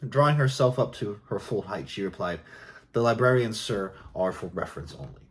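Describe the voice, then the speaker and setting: A man reading jokes aloud in a soft, unhurried ASMR style. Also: on the low side, expressive. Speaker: joke reader.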